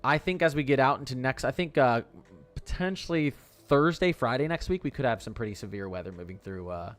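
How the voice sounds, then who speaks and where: A young man hosting a live weather stream, chatting casually and excitably, with lots of "like" fillers. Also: mid-range voice, fairly quick, faint music behind. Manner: chatty, excitable, heavy use of "like". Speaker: weather livestream host.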